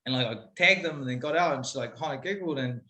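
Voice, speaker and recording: A man's voice: medium pitch, fast talker, bright, forceful tone. A man, a guest telling a story casually and candidly, swearing freely. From New Zealand. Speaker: guest, MMA fighter. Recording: roomy echo.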